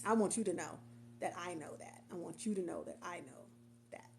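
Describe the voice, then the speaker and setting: A woman's voice: fairly low pitch, lively intonation, fairly quick, vocal fry, a little mellow, slight background noise. A woman coach chatting casually to viewers on a livestream from her couch, affectionate and rambling, often repeating herself. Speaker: coach and marketer. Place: at home on a couch.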